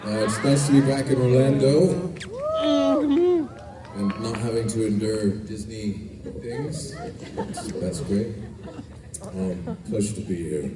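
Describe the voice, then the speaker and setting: A man, an actor, answering fans at a convention panel in a relaxed, joking, self-deprecating way. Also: lowish voice, slow. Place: large convention hall. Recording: echoey hall, distant mic, noisy crowd.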